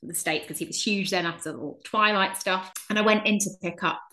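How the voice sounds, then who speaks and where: An actress telling stories in a chatty, animated way on a podcast. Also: female voice, medium pitch, a little fast. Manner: chatty storyteller, animated, swears. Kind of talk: casual chat.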